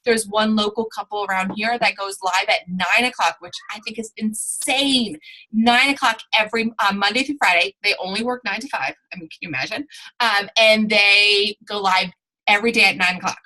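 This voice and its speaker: A woman's voice: mid-range voice, moderate pace, sharp tone, low-quality recording. A woman coaching her sales team in a live online training, chatty and rambling, often stopping to correct herself.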